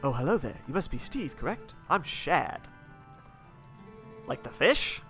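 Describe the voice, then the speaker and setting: A man's voice: fairly high pitch, very animated, a little slow, fairly bright tone, faint music behind. A man reading the lines of a fussy, bookish young male scholar in a prim, formal way. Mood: polite.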